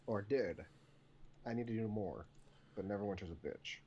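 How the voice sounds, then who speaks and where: A man's voice: fairly low pitch, moderate pace, mellow, breathy edge. A man co-hosting a gaming podcast in casual chat, blunt and swearing freely. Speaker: podcast co-host. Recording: dull lo-fi mic with faint noise.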